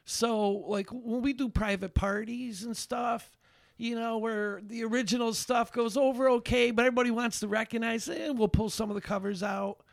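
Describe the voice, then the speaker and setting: A man, a songwriter and bandleader, chatting casually as a podcast guest, telling stories in an animated, rambling way with lots of fillers and restarts. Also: extremely high pitch, normal speed, creaky, no room sound, clean studio sound. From Albany, New York area. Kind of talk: casual chat, storytelling.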